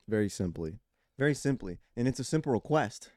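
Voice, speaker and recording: A man's voice: medium pitch, animated, brisk, dark tone, no echo, studio quality. A young man co-hosting a podcast, cracking jokes and swearing casually. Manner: joking, swears often, throws in wisecracks. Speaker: podcast co-host. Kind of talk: casual chat.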